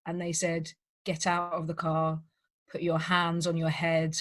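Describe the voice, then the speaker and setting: A woman's voice: sits low, monotone, unhurried, a bit bright. A woman hosting a writers' panel over a video call, telling anecdotes in a chatty style with many fillers and frequent laughter. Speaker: crime writer and panel host. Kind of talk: casual panel chat.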